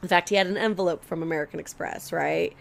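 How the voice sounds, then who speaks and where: Young woman spinning a wild story on a podcast, lowish voice, does everybody's lines, cusses a lot. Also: fast talker, vocal fry. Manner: animated storyteller, acts out quotes, swears freely. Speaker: podcast co-host. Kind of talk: casual storytelling chat.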